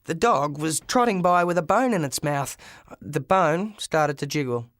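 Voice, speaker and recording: A man narrating a first-person audiobook with lively storytelling and shouted dialogue. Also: a little high, measured pace, no room sound, studio quality.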